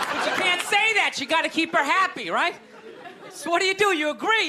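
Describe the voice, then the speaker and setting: A man doing a sarcastic stand-up routine, ranting and shouting his punchlines to a club audience. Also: very high-pitched, brisk. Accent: Boston. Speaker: stand-up comedian. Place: comedy club stage with live audience. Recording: live club recording with crowd laughter and noise.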